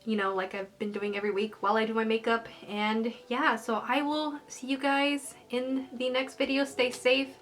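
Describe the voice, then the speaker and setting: Young adult woman, high-ish voice, gushing anime fan rambling her weekly review. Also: moderate pace, few pauses. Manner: gushing, excitable fangirl rambling. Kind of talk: casual episode review while doing makeup.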